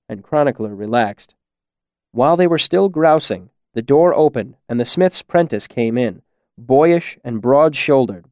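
A man reading an audiobook in a measured storytelling manner. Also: medium pitch, darkish tone, no echo, studio quality. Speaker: audiobook narrator. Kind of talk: audiobook narration.

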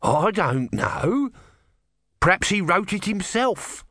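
A man's voice: sits high, big pitch swings, takes it slowly, pushed and bright, no echo, clean studio sound, pitched above the performer's own voice, full character voice. A man doing a grumpy tortoise god. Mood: offhand. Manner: petulant, sulky and offhand. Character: grumpy male god stuck as a small tortoise. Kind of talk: audiobook character voice.

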